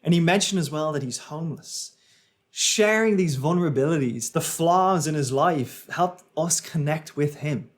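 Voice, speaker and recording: A man's voice: on the high side, moderate pace. Analytical man breaking down a speech. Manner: analytical, explains speech techniques step by step. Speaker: public speaking coach. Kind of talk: reaction commentary.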